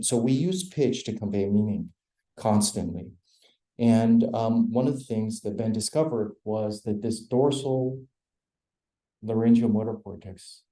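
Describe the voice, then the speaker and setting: A man lectures in a measured, explanatory manner, often pausing on fillers as he builds each point. His voice sits low and sounds deeply mellow. The sound carries the roomy echo of a lecture hall. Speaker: neurosurgeon lecturer. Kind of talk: academic lecture.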